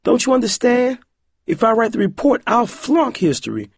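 A high, pleading teenage girl, close to panic over schoolwork, put on by a male narrator. Her voice is husky and swoops up and down as she begs. The sound is dry and close. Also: sing-song, moderate pace, no echo, heavily acted. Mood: desperate. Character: teenage girl, desperate and whiny.

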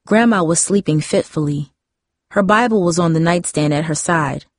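A woman narrating a storybook in a steady, measured reading. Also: lowish voice, no echo, studio quality.

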